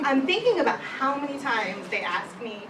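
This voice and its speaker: A woman's voice: high-pitched, very animated, moderate pace. Woman, live seminar talk, chatty, self-deprecating, distant mic, noisy background. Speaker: presenter at a wellness event. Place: event room before an audience. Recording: echoey room, distant mic, background noise.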